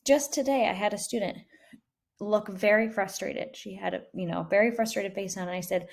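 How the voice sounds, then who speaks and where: Female teacher, middle-aged, gravelly edge, reassuring how-to delivery. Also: mid-range voice, normal speed, a little mellow. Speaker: kindergarten teacher. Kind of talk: casual teaching advice.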